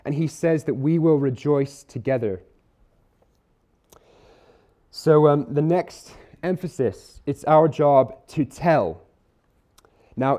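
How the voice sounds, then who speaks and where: Earnest man preaching, mellow voice. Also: mid-range voice. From Isle of Man or UK. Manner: earnest, conversational, slows to stress key words. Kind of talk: sermon. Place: church hall.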